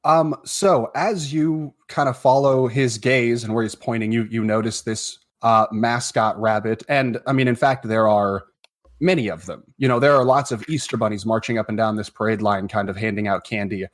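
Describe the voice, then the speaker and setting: A man running a tabletop role-playing game, narrating the scene in a relaxed way with many fillers. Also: fairly low pitch, moderate pace. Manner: relaxed, with frequent fillers and hedges. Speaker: game master.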